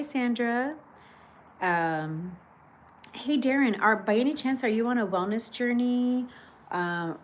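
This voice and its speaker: A woman's voice: medium pitch, a little hiss or hum. A middle-aged woman chatting casually on a livestream, rambling with many fillers and restarts as she reads out viewer comments. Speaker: livestream host.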